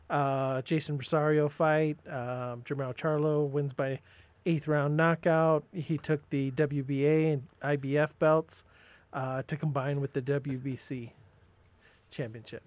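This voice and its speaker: An agreeable man co-hosting a casual podcast, talking hesitantly with plenty of fillers. His voice is fairly high for a man, and the recording is dry and close with no room sound. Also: little pitch movement, a little slow, dry recording. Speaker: podcast co-host. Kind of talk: casual chat.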